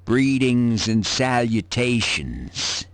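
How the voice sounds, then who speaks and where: An actor playing a sardonic male tavern regular in a video game, with a dry, deadpan delivery. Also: medium pitch, extremely slow, dry recording.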